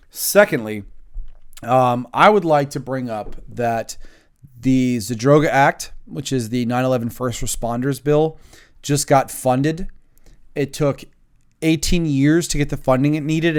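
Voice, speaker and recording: A man's voice: mid-range voice, clean tone. A man who served in the military, a guest on a podcast, joking and then speaking earnestly. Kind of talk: casual chat.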